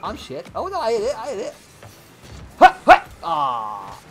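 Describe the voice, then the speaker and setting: A man's voice: extremely high pitch, huge pitch swings, unhurried, vocal fry, loud music behind the voice. A man streaming, telling a profane story to chat and laughing often.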